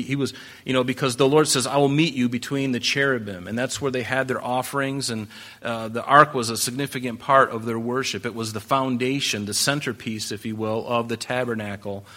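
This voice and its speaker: A man's voice: medium pitch, fairly bright tone. A man preaching a conversational Bible-teaching sermon, with asides and rhetorical questions to the congregation. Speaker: pastor.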